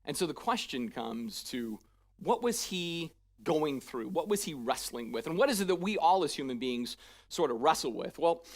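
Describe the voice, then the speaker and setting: A pastor delivers a sermon in a relaxed, chatty way, voice at a mid pitch. Paraphrased lines get a lively, casual acting-out, and the talk keeps checking in with the congregation. It sounds like it was recorded during a church service. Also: moderate pace. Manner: conversational, often checking in with "right?".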